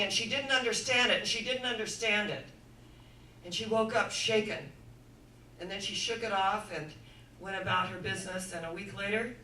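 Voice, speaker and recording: A woman giving an inspirational sermon-style talk, telling stories dramatically and swinging from hushed to loud. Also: medium pitch, a little hiss or hum. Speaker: inspirational speaker. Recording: echoey room, voice from far off.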